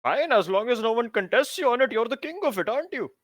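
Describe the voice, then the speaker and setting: Player voicing a grandiose self-made teen king, chatty, lively swooping pitch, dry close sound. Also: quick pace, no room sound, close to an everyday voice. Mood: pompous. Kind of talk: tabletop role-play.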